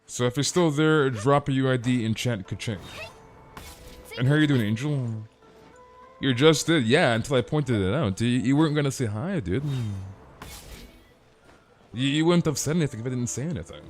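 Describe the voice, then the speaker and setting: A man casually chatting with viewers on a live game stream, emphatic and ranting, stammering through quick restarts and tossing in "dude". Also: medium pitch, soft background music. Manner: emphatic, ranting, peppered with "dude" and mild swearing. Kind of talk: casual live-stream chat while gaming.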